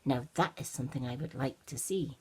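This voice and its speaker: An older woman voicing an excitable little girl in a storybook reading, eager and promising to be quiet. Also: extremely low pitch, a little fast, breathy edge, pitched below the performer's own voice. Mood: curious.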